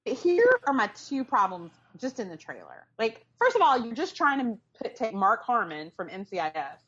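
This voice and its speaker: Animated, sarcastic woman podcast host. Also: fairly high pitch, moderate pace, slightly rough. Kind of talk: casual pop-culture chat. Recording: dull lo-fi sound.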